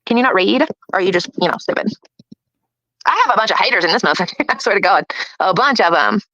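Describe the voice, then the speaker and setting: A woman's voice: mid-range voice, lively intonation, quick pace, sharp tone, dry recording, lo-fi sound. A woman hosting a casual livestream chat, taunting and mocking her critics and laughing often. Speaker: livestream host.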